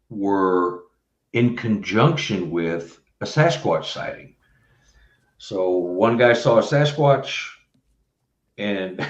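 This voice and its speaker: Rambling interview guest from Missouri on a video call, roomy and muffled. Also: male voice, on the low side. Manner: rambling, with many fillers. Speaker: guest researcher. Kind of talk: casual interview talk.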